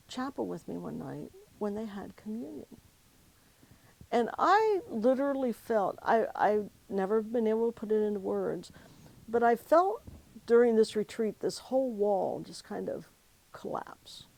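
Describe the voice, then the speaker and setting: A woman with a gravelly, mid-range voice tells her own life story in an oral history interview. She speaks reflectively and with feeling, often acting out past conversations as she recalls them. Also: mid-range voice, animated, a little slow, darkish tone, poor audio. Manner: reflective, emotional, quotes conversations. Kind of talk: personal storytelling.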